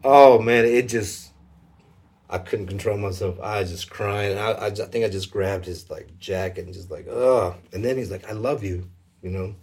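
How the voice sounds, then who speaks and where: A man telling a personal faith story in a casual conversation, emotional and halting, with many fillers. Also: on the low side, a little mellow, husky.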